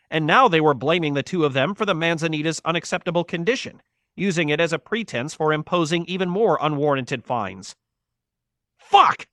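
Guy reading an audiobook, steady n measured, crisp bright tone, dead dry room. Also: on the high side, dry recording. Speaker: audiobook narrator. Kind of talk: scripted narration.

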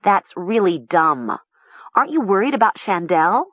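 A woman voicing a bossy teenage girl who turns shrill and stammering with panic. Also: sing-song, measured pace, dry recording, lo-fi sound. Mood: stern.

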